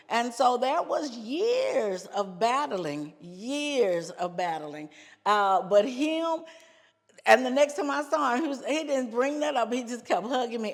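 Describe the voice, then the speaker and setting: A woman's voice: on the high side, lively intonation, measured pace, big-room sound. A woman from the United States, a gospel singer, telling her life story as a podcast guest and often repeating phrases for emphasis. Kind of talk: casual storytelling in an interview.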